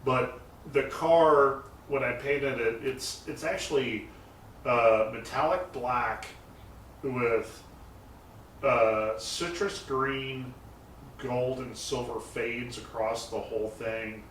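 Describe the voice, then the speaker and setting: A man's voice: mid-range voice, slow, a bit bright. Man, car builder, rambling storyteller, fillers and restarts, distant mic, echoey garage. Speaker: custom car builder and painter. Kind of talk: casual interview talk. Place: garage shop. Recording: roomy echo, mic set far off, faint noise.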